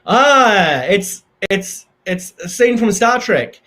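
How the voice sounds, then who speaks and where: A man hosting a casual comedy live stream in a fairly high voice. He talks in a halting, deadpan way, full of fillers and false starts.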